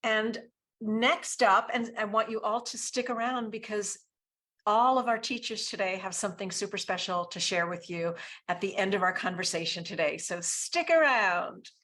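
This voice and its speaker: A woman's voice: mid-range voice, flat delivery, moderate pace, sharp tone. A woman hosting a webinar, gushing and upbeat, with lots of praise. Her voice sits in a middle register for a woman. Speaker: webinar host. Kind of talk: hosting, enthusiastic moderation.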